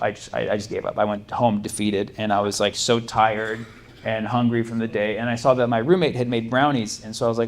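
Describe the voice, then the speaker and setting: A man doing stand-up comedy on a club stage, telling a story with loud, animated bursts and shouted impressions. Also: medium pitch, a little fast. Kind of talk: stand-up crowd work and storytelling. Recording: live club recording with audience noise. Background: audience ambience.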